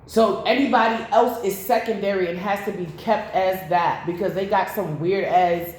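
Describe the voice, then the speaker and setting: A woman's voice: mid-range voice, fairly even intonation, moderate pace, a little mellow. A woman giving a casual tarot reading to camera, blunt and profane, drifting into rambling asides. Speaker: tarot reader. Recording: very echoey room.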